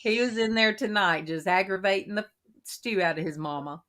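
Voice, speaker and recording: A middle-aged woman hosts a casual chat with a mid-pitched voice. She tells folksy stories in a lively way and acts out her own lines as she goes. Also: normal speed. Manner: folksy, animated storyteller, quoting herself and laughing. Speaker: host of a Christian women's coffee talk panel.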